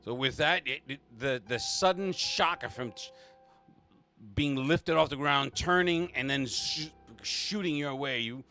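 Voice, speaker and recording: A man's voice: a little high, a little slow, sharp tone, faint music behind. A man running a tabletop game as game master, narrating the action with frequent restarts.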